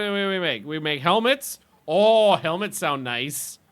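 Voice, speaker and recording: A man's voice: fairly high pitch, lively intonation, unhurried, a bit bright. A man casually chatting with viewers while streaming a game, rambling and laughing often.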